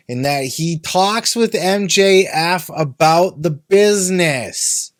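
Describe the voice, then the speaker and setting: Blunt, swearing podcast host, dry sound. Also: male voice, mid-range voice, no echo. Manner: profane, blunt. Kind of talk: casual commentary.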